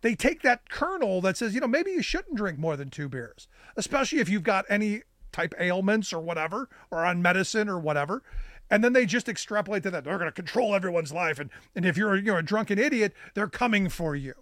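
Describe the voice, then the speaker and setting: A man co-hosting a political talk chat, sarcastic and animated, often repeating words as he starts a thought. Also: high-pitched, a little fast, dry recording, clean studio sound. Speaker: podcast co-host.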